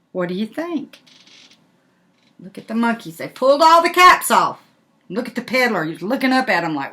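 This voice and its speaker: An older woman, a grandmother, reading a picture book aloud in an animated way and asking the listener questions. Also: medium pitch, moderate pace, long pauses. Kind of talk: storybook read-aloud.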